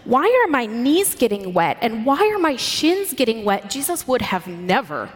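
A woman's voice: a little high, very animated, normal speed. A woman voicing a grown fisherman apostle who panics and questions indignantly as he starts to sink. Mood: fretful. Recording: long hall reverb.

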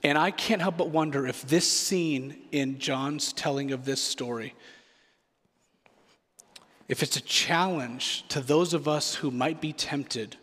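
A man delivers a sermon as a pastor, earnest and reflective, circling back to repeat his key phrases. His voice sits a little on the high side. It rings out with the long reverb of a large hall. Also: pushed and bright, slightly rough.

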